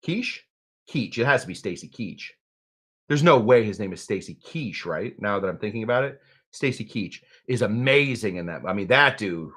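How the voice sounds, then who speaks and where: A medium-pitched, slightly bright male voice belongs to the host of a live cocktail show. He talks casually and wanders off topic, keeping things jokey as he reads chat comments to the audience.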